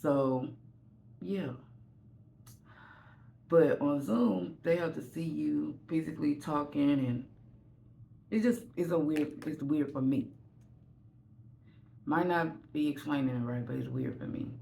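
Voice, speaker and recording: A woman's voice: low voice, takes it slowly, creaky, long pauses, warm tone, a little hiss or hum. A woman vlogger telling a candid, rambling story from home while getting ready. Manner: candid, rambling, self-deprecating.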